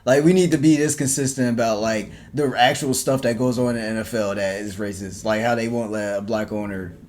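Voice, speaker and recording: A man co-hosting a podcast in casual chat, animated and often laughing, with many restarts. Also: medium pitch, fairly quick. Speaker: podcast co-host.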